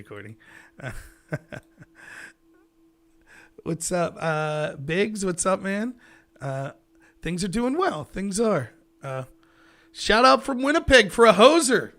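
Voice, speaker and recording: A man's voice: medium pitch, a bit bright. A man in his thirties with a Pittsburgh accent, hosting a livestream and chatting loosely with viewers. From Pennsylvania, USA. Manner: rambling, loose, chuckling often. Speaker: livestream talk show host. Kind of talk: casual solo chat with viewers. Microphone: headset.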